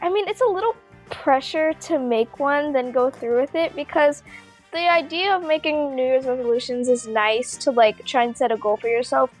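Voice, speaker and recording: A woman's voice: sits high, normal speed, faint music behind. A young girl chatting casually in a shy, shrugging, self-deprecating way. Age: young, eleven. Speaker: host's niece, guest. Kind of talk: casual chat.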